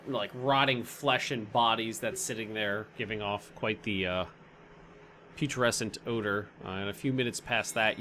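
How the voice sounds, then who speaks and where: Male game master, bright tone, meandering delivery, faint room hum. Mid pitch. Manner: rambling, restarts often, searches for words. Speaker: dungeon master. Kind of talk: narrating a tabletop game.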